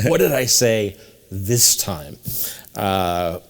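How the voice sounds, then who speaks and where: A man from New England with a fairly low voice spins long, winding anecdotes as an interview guest. He jumps into other people's voices as he tells them. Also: lively intonation, very slow, creaky. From New England, USA. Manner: rambling anecdotal storyteller, acting out quoted voices. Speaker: guest mentalist. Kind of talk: storytelling interview.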